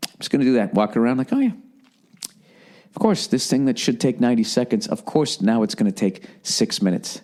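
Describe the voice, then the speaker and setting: A male podcaster with a mid-range, somewhat mellow voice rattles off a quick, casual rant. It wanders, includes profanity, and features him ribbing himself and doing impressions of others.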